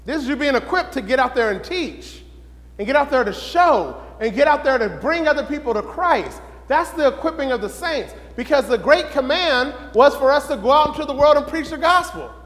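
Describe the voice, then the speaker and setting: Teaching a Bible lesson sermon-style, a man with a very high-pitched voice speaks a little fast, questioning the room and building to excited shouts. The sound is that of a big room.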